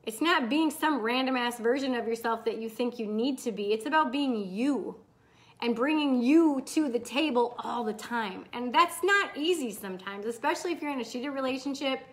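Reading comments on her casual live chat, this high-voiced, middle-aged host breaks into excited whoops. She talks candidly and doesn't hold back on swearing.

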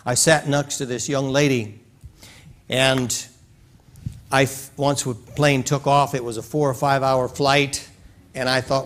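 A man's voice: medium pitch, level tone, a little slow, pauses often, fairly bright tone. A man preaching a sermon in a church, telling a story in a folksy way and acting out its scenes. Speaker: pastor.

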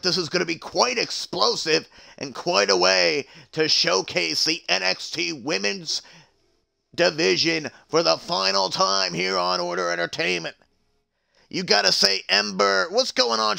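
Wrestling hype guy on a stream, talks to chat, voice super raspy and fry-heavy. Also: high voice, unhurried, sharp tone. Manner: hype announcer, chatting to live stream viewers. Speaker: wrestling commentator. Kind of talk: play-by-play commentary of a video game wrestling show.

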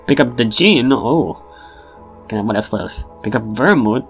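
A man's voice: medium pitch, lively intonation, moderate pace, soft background music. A man giving casual game commentary, with wry remarks and chuckles as he plays. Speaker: gamer.

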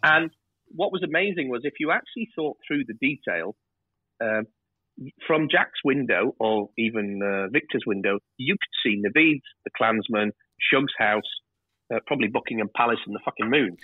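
A man, a TV director, telling lively stories in a casual interview and swearing freely. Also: mid-range voice, normal speed, breathy edge, no echo. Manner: animated storyteller, swears freely. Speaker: TV director, guest. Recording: tinny phone-like line.

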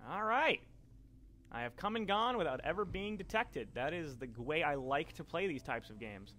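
Bright, excitable young gaming commentator man. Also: a little high, normal speed, slight background noise. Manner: excitable and sweary, yelling when caught. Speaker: let's play commentator. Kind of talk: casual gameplay commentary.

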